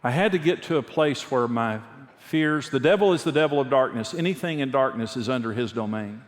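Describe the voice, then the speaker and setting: Briskly and at a medium pitch, this man preaches conversationally, telling earnest personal stories and returning to key phrases. He is a pastor who also speaks on marriage, and the sound echoes with the long reverb of a big hall.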